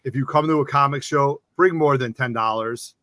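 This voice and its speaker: A man co-hosting a casual comic collecting show, telling stories excitedly and acting out other people's lines. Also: mid-range voice, normal speed, dry recording. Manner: excitable, acts out quotes in raised voices. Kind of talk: casual chat, animated storytelling.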